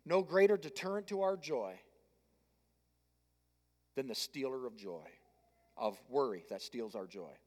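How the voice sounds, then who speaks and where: A man preaching a sermon in a church, conversational and self-deprecating, putting questions straight to the congregation. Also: mid-range voice. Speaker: pastor. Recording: reverberant church hall.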